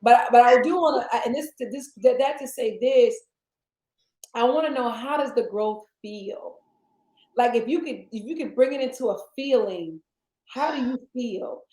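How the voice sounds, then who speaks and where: A woman hosting a casual motivational interview, talking in an animated way and jumping into high playful voices when she quotes others. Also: moderate pace. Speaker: interview host. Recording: roomy echoey sound.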